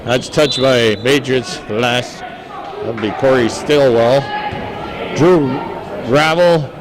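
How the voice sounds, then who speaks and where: A man doing folksy, joking play-by-play of a local high school basketball game. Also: takes it slowly. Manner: folksy, jokey, stumbles over player names. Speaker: play-by-play announcer. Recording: noisy gym broadcast audio. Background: gym ambience and bouncing basketballs.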